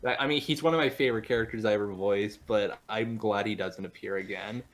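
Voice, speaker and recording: A man's voice: on the low side, a little fast. A young man, a voice actor guest on a casual podcast, rambling with many restarts and laughing easily.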